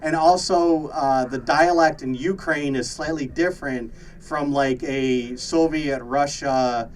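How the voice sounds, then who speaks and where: A man's voice: fairly high pitch, takes it slowly, distant mic, slight background noise, low-quality recording. A man co-hosting a podcast in casual chat, with lots of fillers and laughter. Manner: laughs often, many fillers and restarts. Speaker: podcast co-host.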